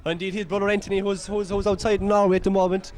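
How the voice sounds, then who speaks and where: Very high-pitched excitable Irish commentator. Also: male voice, racing. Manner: excitable, partisan, exclaims and scolds players. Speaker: match commentator. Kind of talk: partisan local sports commentary.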